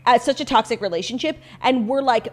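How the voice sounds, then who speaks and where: A woman's voice: fairly high pitch, brisk. A woman co-hosting a laid-back gossip show, chatting freely and sprinkling "like" through her talk. She builds into opinionated rants about the news of the day. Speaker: podcast co-host. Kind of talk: casual gossip chat.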